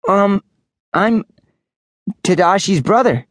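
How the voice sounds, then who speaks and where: A man's voice: high voice, expressive, slow, a bit bright, dry recording, clean studio sound, pitched above the performer's own voice, full character voice. A man doing young Hiro, boyish and hesitant. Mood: unsure. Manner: hesitant, curious. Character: curious teenage boy robotics prodigy. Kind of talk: audiobook character voice.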